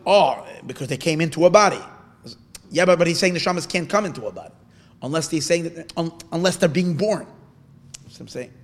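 Gravelly, husky male Torah teacher. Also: on the high side, animated. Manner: asks questions and answers them himself; halting, with frequent restarts. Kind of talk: teaching lesson with storytelling.

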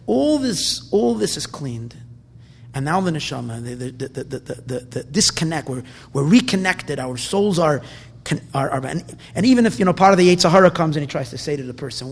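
A man giving an impassioned sermon, moving from soft, quiet stretches to loud, emphatic bursts and often repeating words. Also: on the high side, sing-song, normal speed, breathy edge. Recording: long hall reverb.

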